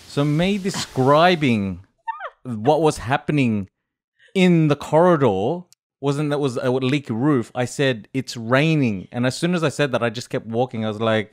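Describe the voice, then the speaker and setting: A man hosts a podcast from a studio and chats casually at a middle pitch. He rambles through his story with frequent fillers and quick laughs, and the room sounds dry and close. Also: animated, dry recording. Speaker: podcast host. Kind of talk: casual chat.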